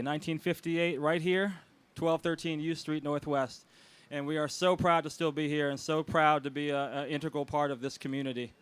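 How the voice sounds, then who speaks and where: Smooth-voiced man giving a heartfelt street speech. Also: a little high, fairly bright tone. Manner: emotional, grateful, announcing with rising volume. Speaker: restaurant co-owner and event host. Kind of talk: outdoor anniversary speech. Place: outdoors on a city street.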